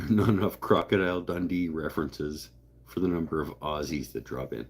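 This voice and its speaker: With a rumbling low voice, a breathy edge and normal speed, a man hosts a live stream. He rambles over viewer comments, cracking jokes and interrupting himself as he goes.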